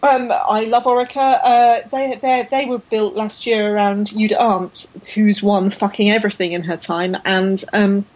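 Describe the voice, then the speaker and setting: A woman's voice: mid-range voice, fairly even intonation, moderate pace, hardly any pauses, a little mellow, rough recording. A woman co-hosting a casual podcast chat, enthusiastic and full of fillers and restarts. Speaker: podcast co-host. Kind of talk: casual chat about women's cycling.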